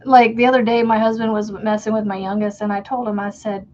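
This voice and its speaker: While crocheting on her livestream, this homeschool mom rambles casually and laughs at her own stories. Her voice is a little high with a steady, darkish tone, and she speaks at a moderate pace with long pauses. The recording is dull lo-fi stream audio.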